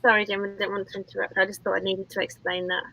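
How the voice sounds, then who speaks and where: A woman guest talking casually on a live-stream creator panel. She is chatty and friendly, with a mid-pitched voice. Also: level tone, fast, creaky, sharp tone, a little hiss or hum, low-quality recording.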